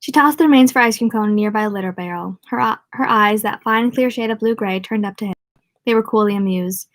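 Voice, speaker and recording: A woman reading a novel aloud in a relaxed amateur way, stumbling over words now and then and restarting. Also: medium pitch, brisk, no room sound. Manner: informal amateur reading with slips, restarts and asides. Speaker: audiobook reader. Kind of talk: casual read-aloud of a novel.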